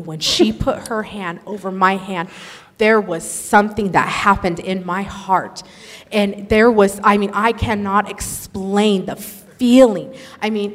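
Earnest woman telling a testimony, echoey hall. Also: mid-range voice. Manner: earnest, animated storytelling. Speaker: speaker sharing a testimony. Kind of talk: emotional testimony to a congregation.

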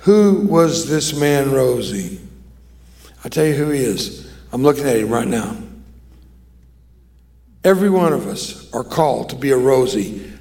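A man's voice: medium pitch, lively intonation, measured pace, long pauses, darkish tone. Older male evangelist preaching emphatically. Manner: emphatic call-and-response preaching. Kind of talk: sermon.

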